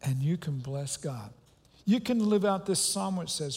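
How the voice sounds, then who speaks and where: A man's voice: fairly high pitch, expressive, unhurried, darkish tone, slightly rough. A pastor preaching a sermon to his congregation and leading them in reciting scripture line by line. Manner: leads congregation in call-and-response recitation. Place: large church auditorium. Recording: long hall reverb with faint music.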